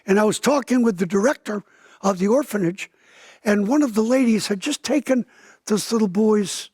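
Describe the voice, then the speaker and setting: In an interview, a pastor in his seventies vividly recounts a dramatic story, raising his voice to act out the dialogue of the people in it. His voice is high-pitched, a little mellow and slightly rough, at a moderate pace, in a dry, clean studio recording.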